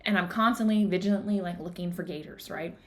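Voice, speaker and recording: A woman hosting a book club livestream, retelling a story in a casual, animated way and acting out the quotes. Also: lowish voice, quick pace. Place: home in the woods. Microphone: streaming device, live video.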